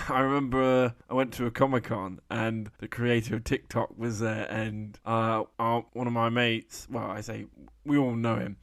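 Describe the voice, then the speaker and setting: A man's voice: medium pitch, little pitch movement, moderate pace, no room sound, studio quality. A man co-hosting a podcast, chatty, often stammering and restarting sentences. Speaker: podcast co-host. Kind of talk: casual chat.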